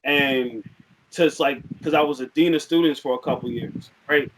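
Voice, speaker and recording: A young man talking as a podcast guest, relaxed and rambling, with frequent fillers in casual chat. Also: fairly high pitch, normal speed, slight background noise, poor audio.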